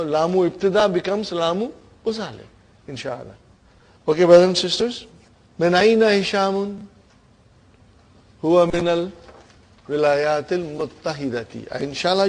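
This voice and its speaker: Man, South Asian English accent, Arabic grammar teacher, slightly high voice, fast recitation then slow explanations, keeps checking in with the class. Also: darkish tone. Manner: engaging, keeps asking "huh?" and "are you with me, brothers and sisters?". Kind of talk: classroom lesson on Quranic grammar.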